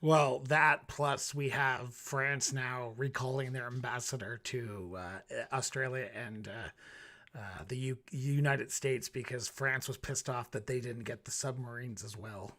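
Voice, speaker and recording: A man's voice: medium pitch, steady tone, measured pace, bright, forceful tone. A man from Canada hosting an election night talk show, speaking conversationally with hesitant fillers. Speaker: show host.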